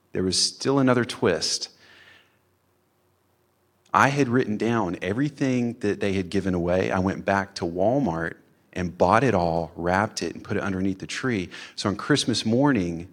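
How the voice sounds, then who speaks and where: A man with a somewhat low voice tells a personal story live on stage. He talks in a loose, chatty way, dropping "like" often and acting out what people said. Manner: casual, chatty, many "like" fillers, acts out quotes. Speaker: storyteller, father of three boys.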